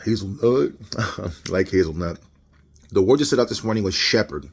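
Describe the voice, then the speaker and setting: This lay devotional speaker has a low voice with vocal fry and lively intonation, talking at a normal speed against background noise. An LA native with an LA accent, he rambles casually through an unscripted talk, frequently restarting, self-correcting, and laughing.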